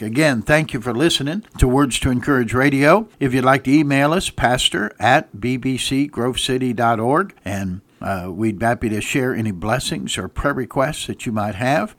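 A man's voice: medium pitch, fairly bright tone, no room sound. A man, a pastor, preaching a radio sermon and hammering points home with repeated rhetorical questions and answers. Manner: emphatic, repeated call-and-response questions. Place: church radio broadcast.

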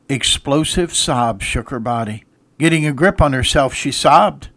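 A man's voice: mid-range voice, a little slow, fairly bright tone. A man preaching a sermon, telling a story and then repeating a rising refrain to his listeners.

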